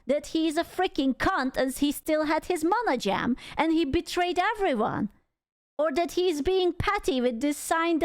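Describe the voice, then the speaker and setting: A woman's voice: sits high, no echo. A young woman streamer reacting to videos in casual, blunt, rambling chat.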